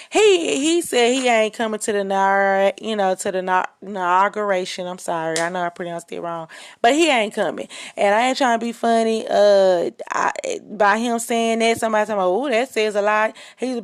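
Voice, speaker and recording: A woman in her thirties hosting a podcast, delivering an impassioned casual opinion monologue with frequent fillers. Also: a little high. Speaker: podcast host.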